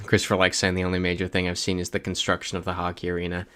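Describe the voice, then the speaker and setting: A man's voice: sits low, monotone, rapid-fire, fairly bright tone, clean tone. A man hosting a casual livestream, chatting loosely and reading viewer messages aloud as he plays. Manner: chatty, reads chat messages aloud while playing. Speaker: livestream host. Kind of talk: casual live-stream chat.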